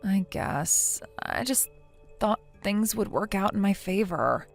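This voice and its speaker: A woman's voice: mid-range voice, animated, takes it slowly, creaky, faint music behind. A synthetic woman's voice playing a naive, self-pitying young wife who pleads and hesitates in a text-message story. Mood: pleading. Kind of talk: text-to-speech text story narration.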